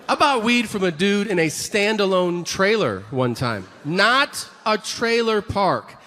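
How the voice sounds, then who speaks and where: A man's voice: high voice, fairly bright tone. A man doing stand-up comedy on a live stage, telling stories in a profane, conversational way. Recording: noisy live room with reverb. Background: audience laughter.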